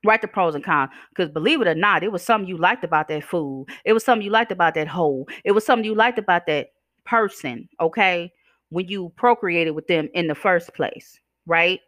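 On her podcast, a woman with a fairly low, slightly bright voice talks a little fast, ranting casually in a blunt, sassy, profane style, slurring slightly as she chews gum. She calls listeners "y'all" and "child," recorded in studio quality with no room sound.

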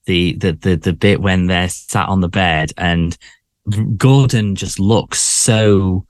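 A man with a very low voice chats casually as a podcast co-host. He hesitates and restarts often. The sound is dry and close. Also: slow, no echo. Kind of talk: casual chat.

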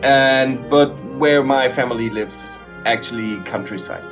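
A man's voice: medium pitch, measured pace, dull audio, over music. German man in joking casual chat. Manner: jokey, restarts phrases often. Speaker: guest musician.

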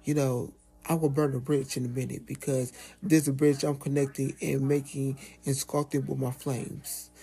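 Gravelly-voiced sassy man, casual and animated. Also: medium pitch. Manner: animated, swearing, sassy asides, drawn-out "baby". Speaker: puppeteer guest. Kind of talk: casual podcast chat.

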